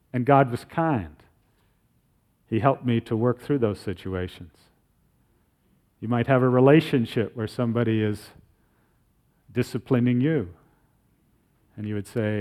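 A middle-aged man preaching a sermon as pastor, earnest, slowing down when he reads scripture aloud. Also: mid-range voice, expressive, darkish tone. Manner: earnest, slows down to read scripture.

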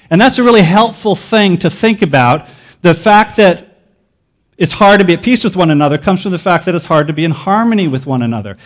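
A man preaching a sermon to a church, casual and joking in a teacherly way. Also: high-pitched. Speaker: pastor. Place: church sanctuary.

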